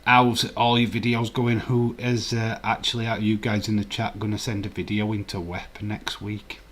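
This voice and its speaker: Man, casual stream host, rambling, chuckling, lowish voice, faint noise. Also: flat delivery, normal speed. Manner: rambling, chuckling, chatty asides. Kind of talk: casual live stream chat, reading chat.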